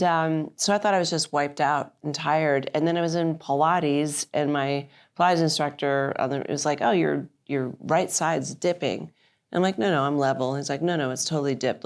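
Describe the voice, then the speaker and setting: A woman in her fifties with a low voice tells her story at a live interview. She talks in a lively, animated way, often slipping into the voices of people she quotes, with many fillers and restarts along the way. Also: clean tone. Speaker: guest. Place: live stage event.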